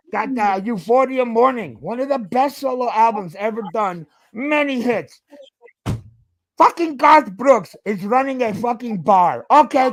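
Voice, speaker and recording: Brief: high-pitched podcast host in his fifties, profane ranter, keeps saying "okay?". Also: a bit bright. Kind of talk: casual chat.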